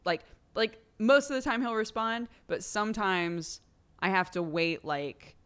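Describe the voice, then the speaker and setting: A woman's voice: mid-range voice, unhurried, fairly bright tone, smooth. A young woman hosting a livestream in casual chat. She says "like" constantly and breaks into laughter often. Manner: chatty, laughs often, heavy use of "like". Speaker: livestream host.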